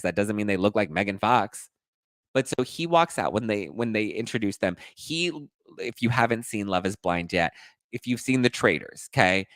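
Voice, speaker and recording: A man hosting a podcast and dishing gossip in a sassy, animated way, acting out quotes in different voices. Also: on the low side, dry recording. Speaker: podcast host. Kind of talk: casual gossip commentary.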